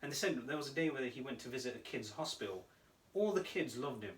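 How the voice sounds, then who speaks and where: A man co-hosting a casual podcast, telling stories with animated energy and frequent laughter. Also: medium pitch, fast. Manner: animated storytelling, laughs often. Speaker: podcast co-host. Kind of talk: casual chat. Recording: roomy echo, mic at a distance.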